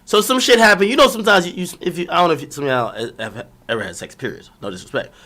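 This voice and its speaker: A man's voice: a little high, fast talker, sharp tone. A young man streaming, telling a long personal story in a rambling, profane, slang-heavy casual way.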